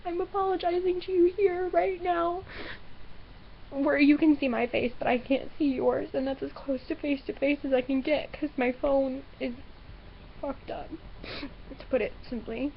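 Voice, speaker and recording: A teenage girl crying and sniffling through a halting webcam apology, repeating herself. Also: sits high, fairly even intonation, gravelly, highs cut off, a little hiss or hum. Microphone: webcam built-in mic.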